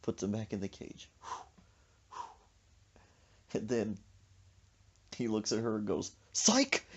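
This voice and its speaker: A man's voice: lowish voice, slightly rough. A man telling a comic story on a podcast, acting out sound effects as he goes. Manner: animated, acts out sound effects. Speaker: podcast host. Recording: dull lo-fi recording.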